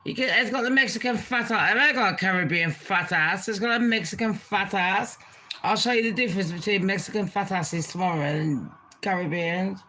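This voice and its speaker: A woman's voice: mid-range voice, normal speed, pushed and bright. A woman chatting casually as a gossip vlogger, blunt and crude, swearing freely and tossing asides to her viewers.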